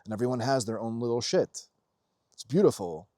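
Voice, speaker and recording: A man delivers an unscripted spiritual monologue in a plain, mid-pitched voice. He is blunt and profane and swings his pitch widely whenever he mimics other people. The sound is dry and close. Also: animated, a little fast, warm tone, no echo. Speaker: spiritual vlogger.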